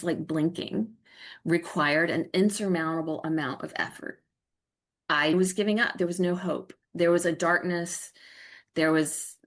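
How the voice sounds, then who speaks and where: A middle-aged woman from North Carolina, a guest telling her personal story candidly and reflectively, with halting restarts. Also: deep voice. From North Carolina, USA.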